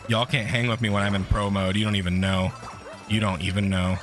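A man streaming a video game live, swearing and ranting at the game and his chat, his voice jumping high when frustrated. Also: level tone, a little fast, faint music behind. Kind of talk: live gameplay commentary.

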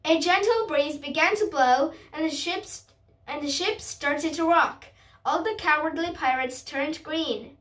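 Slow, halting high-voiced female reader. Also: a bit bright, distant mic. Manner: careful, halting reading with restarts. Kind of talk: reading a storybook aloud.

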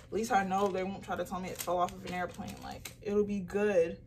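A young woman chatting casually to her phone camera while packing orders, telling a story in an animated way with lots of "like". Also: mid-range voice, brisk, recorded from a distance, slight background noise. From Nigerian heritage. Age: young adult. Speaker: small business owner vlogger.

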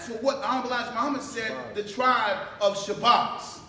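A man preaching a sermon in a mosque hall, firing rhetorical questions at the congregation, drawing their responses and building up to shouts. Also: very high-pitched, steady tone, a little fast. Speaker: mosque minister. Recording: echoey room, distant mic, faint background noise.

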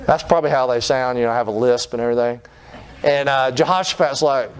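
Delivering a sermon in a brisk, clean, medium-pitched voice, this pastor retells scripture folksily. He tells it like a story, doing voices for the characters and acting them out.

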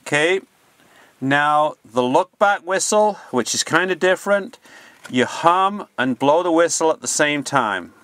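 A man, a sheepdog trainer, giving a plain, practical and unhurried instructional demonstration. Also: fairly high pitch, lively intonation, fairly bright tone, no room sound.

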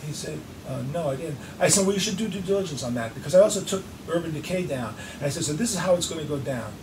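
Fast-talking profane New man, echoey room. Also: fairly high pitch, lively intonation, a crowd in the background. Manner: profane, fast-talking, acts out both sides of phone calls. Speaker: guest musician. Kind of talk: animated storytelling in an interview. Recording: roomy echo, distant mic, clear background noise.

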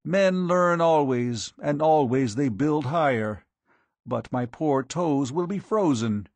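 Male reader as bland ironic old sage, slow, dry. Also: a little high, animated, darkish tone, dry recording, pitched above the performer's own voice.

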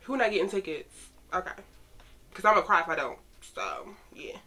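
A young woman with a slightly low voice talks casually, reacting to photos. She is excitable and teasing and addresses the pictures directly as if they could hear her. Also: moderate pace, breathy edge. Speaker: fan vlogger reacting to photos.

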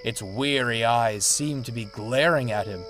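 A man narrating a read-aloud story in a measured, expressive way. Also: medium pitch. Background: music.

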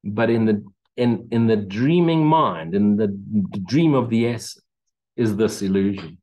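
A man's voice: on the low side, unhurried, darkish tone, poor audio. A man giving a spiritual talk as teacher, emphatic and repetitive, with mocking asides.

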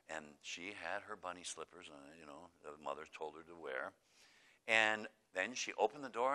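A priest giving a retreat talk, telling a folksy story and acting out the dialogue. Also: male voice, low voice. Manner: animated storyteller who acts out dialogue; folksy, says "I says". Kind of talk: sermon with anecdotes.

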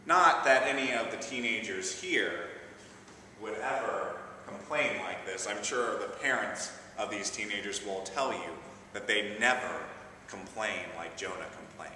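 A man preaches in a chatty, joking storytelling manner with a bright, sharp voice. The sound is very echoey with a long church reverb, taken from a distance with faint ambience behind. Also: on the low side, a little slow, slight background noise. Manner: conversational, humorous storytelling. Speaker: assistant pastor. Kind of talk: sermon. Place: large church.

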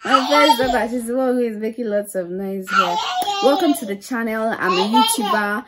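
A woman's voice: on the high side, animated, normal speed, heavy background noise. A woman, chatting casually and laughing often in a vlog recorded on her phone. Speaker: vlogger. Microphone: phone held while vlogging.

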